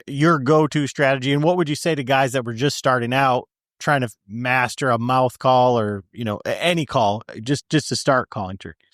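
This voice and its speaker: A man hosting a podcast who asks questions in halting phrasing full of fillers. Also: medium pitch, fairly bright tone, dry recording, studio quality. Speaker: podcast host. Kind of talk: interview questions.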